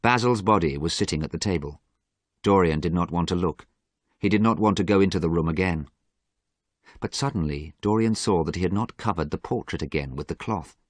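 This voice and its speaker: Deep-voiced man reading a story expressively. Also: brisk, dry recording, clean studio sound. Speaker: narrator. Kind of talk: scripted story narration for English learners.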